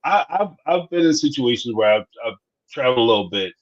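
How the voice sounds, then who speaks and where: A man hosting a live reality TV review show chats casually, telling office stories in a brisk, mid-range voice. He's an animated storyteller who voices the dialogue and laughs a lot, heard through slightly dull lo-fi audio.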